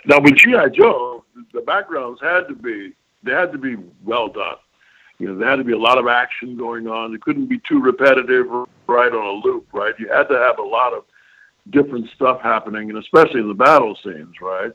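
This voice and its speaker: A man's voice: medium pitch, brisk. An older man, a voice actor guest, telling rambling, emphatic stories in an interview and often checking in with his listener. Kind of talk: reminiscing interview talk. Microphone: phone call. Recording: phone line, lo-fi.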